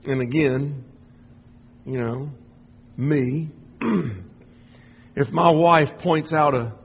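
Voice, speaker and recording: A middle-aged man giving a rambling, informal spoken testimony, often restarting and clearing his throat. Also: on the high side, fairly even intonation, extremely slow, lo-fi sound. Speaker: speaker sharing a personal faith story.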